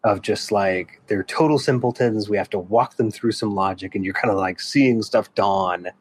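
A man's voice: on the low side, moderate pace, husky. A man co-hosting a casual fan podcast, who talks eagerly and acts out lines from the show. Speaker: podcast co-host.

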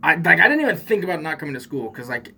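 A man's voice: on the high side, very animated, very fast, vocal fry, pushed and bright, husky. A young man co-hosting a podcast, joking and swearing through casual banter. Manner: jokey, laughing, profane banter. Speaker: podcast co-host. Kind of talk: casual chat.

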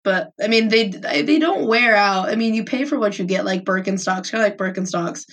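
A woman's voice: medium pitch, fairly quick, fairly bright tone. Woman co-host, casual and giggly, filler-heavy banter. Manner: chatty, laughs often, lots of fillers. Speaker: podcast co-host. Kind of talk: casual chat.

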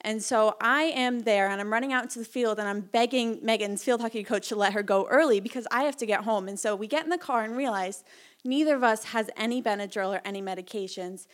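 A young woman with a fairly high voice recounts a personal story on stage in a small hall. She rushes along in an animated, breathless way, full of likes and ums, speaking to a live audience. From Massachusetts, Cape Cod. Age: young adult. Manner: breathless, animated telling with frequent fillers.

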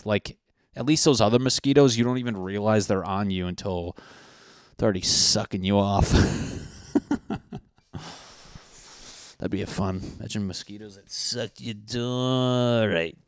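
A man's voice: fairly low pitch, a little slow, no echo, clean studio sound. Rambling, profane podcast man. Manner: profane, tangent-prone, jokey. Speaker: podcast host. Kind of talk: rambling casual monologue. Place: apartment in Los Angeles.

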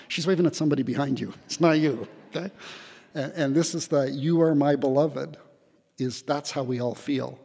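A man giving a spiritual retreat talk in a hall, reflective and gently humorous, pausing often with fillers. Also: a little high, creaky. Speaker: retreat speaker.

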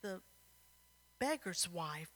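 A woman's voice: fairly low pitch, sing-song, extremely slow, a bit bright, long reverb tail. A woman preacher telling a story and then exhorting her congregation, her sermon rising to fervent emphasis, in a church.

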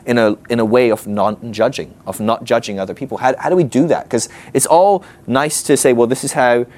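A man's voice: medium pitch, fairly quick. A man teaching a ministry class in a conversational way, often acting out what people might say to themselves. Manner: animated, conversational, acts out quoted inner voices.

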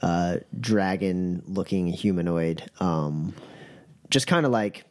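Halting man running a tabletop game. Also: sits low, a little mellow. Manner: halting, many fillers, laughs often. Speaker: game master. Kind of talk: narrating a tabletop role-playing game.

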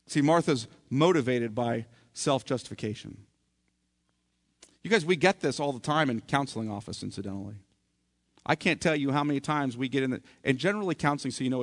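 A man's voice: a little high, fairly bright tone, long reverb tail. A man preaching a sermon in a church, acting out people's complaints as he goes. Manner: preaching with role-played complaints. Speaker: pastor. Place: church sanctuary.

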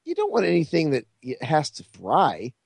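A man's voice: fairly high pitch, huge pitch swings, normal speed, creaky, breathy edge, no room sound. A man co-hosting a podcast, chatting casually with joking, sarcastic asides. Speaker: podcast co-host. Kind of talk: casual chat.

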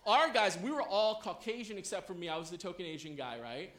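Male pastor, high bright voice, lively storytelling sermon, roomy church hall sound. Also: a little fast. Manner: animated, checks in with the audience.

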